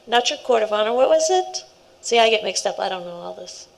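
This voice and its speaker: A woman's voice: medium pitch, expressive, fairly quick, gravelly, slight background noise, poor audio. A middle-aged woman, a scout leader, giving a rambling, heartfelt speech at a ceremony, with laughing asides.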